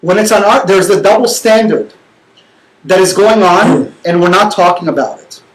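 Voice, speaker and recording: A man hosting a talk show, arguing passionately and fast, repeating words when worked up. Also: high-pitched, roomy sound, low-quality recording. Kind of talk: heated talk-show debate.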